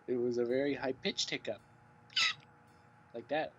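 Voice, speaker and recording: A man playing a video game on stream, talking in dry, deadpan, mock-weary banter. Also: medium pitch, moderate pace, dull audio, slight background noise. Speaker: let's play streamer. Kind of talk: casual gaming banter.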